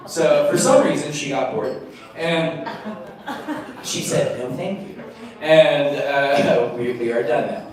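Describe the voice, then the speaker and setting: A young man performs stand-up at an open mic, telling an awkward story against himself and now and then jumping up into high, silly voices. His voice sits a bit high. He is picked up from a distance in a very echoey small venue. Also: slow. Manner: self-mocking storytelling, acts out voices in sudden high bursts. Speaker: stand-up comedian.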